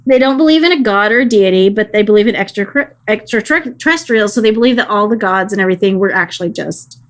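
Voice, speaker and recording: A woman's voice: medium pitch, lively intonation, quick pace. A woman chats loosely on a podcast. She is a bit tipsy, giggles often and lets her sentences trail off as she rambles. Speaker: podcast co-host. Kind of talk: casual chat.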